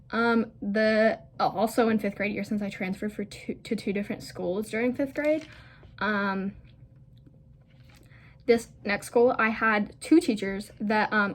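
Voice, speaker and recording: A young woman telling a casual storytime vlog, rambling with lots of "like" fillers and blunt, profane asides. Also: fairly high pitch. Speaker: vlogger.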